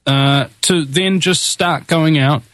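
A man's voice: fairly high pitch, slow, a bit bright, dry recording. A man hosting a talk radio show, full of fillers and restarts, turning to emphatic, preaching delivery. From New Zealand. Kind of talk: impassioned political talk.

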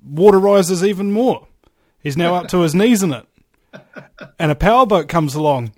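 A man's voice: sits high, lively intonation, normal speed, darkish tone, no room sound, studio quality. A man hosting an interview conversation, hesitant with frequent fillers as he tells stories. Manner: hesitant, many fillers, storytelling. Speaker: host.

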